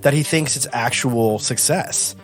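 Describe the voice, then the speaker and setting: A man's voice: mid-range voice, unhurried, soft background music. A man co-hosting a podcast, chatting and thinking aloud. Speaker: podcast co-host. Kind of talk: casual chat.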